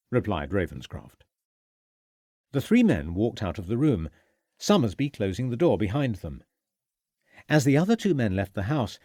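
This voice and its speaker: A man narrating a period mystery audiobook in an expressive storytelling manner. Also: lowish voice, no room sound, clean studio sound.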